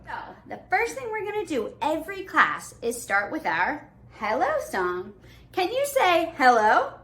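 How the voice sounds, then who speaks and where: A woman teaching an online preschool class, talking to small children in a bright sing-song voice. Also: sits high.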